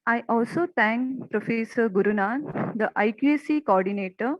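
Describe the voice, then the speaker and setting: A woman's voice: a little high, moderate pace, dry recording, rough recording. A woman, a professor delivering a formal vote of thanks and reciting a list of names.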